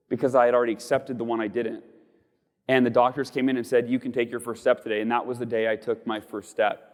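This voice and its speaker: A man giving an inspirational keynote on a conference stage, earnest and stumbling over repeated words as he speaks. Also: on the high side. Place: large conference hall stage. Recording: long reverb of a large hall.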